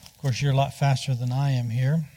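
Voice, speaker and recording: A man preaching a sermon in a conversational, digressive way, rising in pitch to stress his points. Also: flat delivery, fairly quick, dark tone. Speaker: pastor. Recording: long hall reverb.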